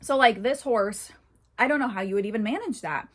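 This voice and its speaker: A woman's voice: a little high, brisk. A woman hosting a horse channel, reading online posts aloud and commenting in a chatty way, often breaking into laughter.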